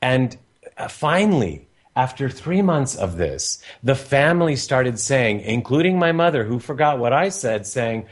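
A man hosting a radio talk show, telling a family story in a lively, chatty way. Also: unhurried. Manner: animated, pitch jumps when quoting others.

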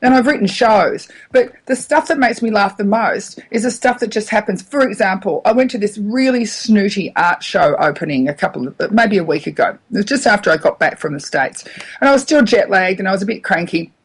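A middle-aged woman, a radio comedian, telling stories in a casual interview, animated and laughing often. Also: medium pitch, fairly quick, slightly rough.

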